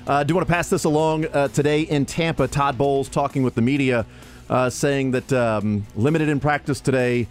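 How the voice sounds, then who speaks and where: A man's voice: mid-range voice, fairly even intonation, moderate pace, soft background music. A man hosting a sports talk radio show, analyzing a football game conversationally with frequent fillers. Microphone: studio broadcast mic.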